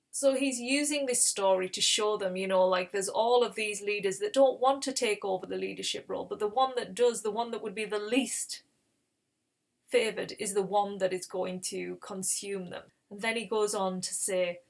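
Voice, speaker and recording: A woman's voice: medium pitch, steady tone, moderate pace, creaky. A woman hosting a Bible reading channel, retelling scripture in a casual, conversational way with explanatory asides.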